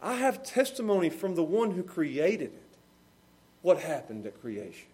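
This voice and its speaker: A man's voice: fairly high pitch, sing-song, measured pace, a little mellow, breathy edge. A man preaching a sermon with emphatic delivery, rising and falling in volume, sometimes laughing at his own examples. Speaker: pastor.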